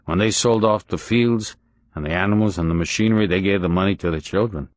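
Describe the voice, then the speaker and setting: Man doing a quavery old country neighbour, timid and halting, deep voice. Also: dry recording, natural voice. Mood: shaken. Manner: hesitant, halting. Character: shaken older male rural neighbour, timid.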